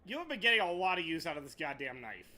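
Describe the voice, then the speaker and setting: A man's voice: on the high side, sing-song, fast, sharp tone. A man streaming a game live, chatting casually with joking, profane remarks. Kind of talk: casual gaming chat.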